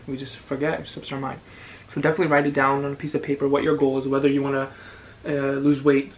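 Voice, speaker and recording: A young man from Canada, a vlogger, chatting casually and giving advice, pausing now and then to chew. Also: mid-range voice, slight background noise, rough recording. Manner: relaxed, chatty, with pauses to chew. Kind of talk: casual chat while eating.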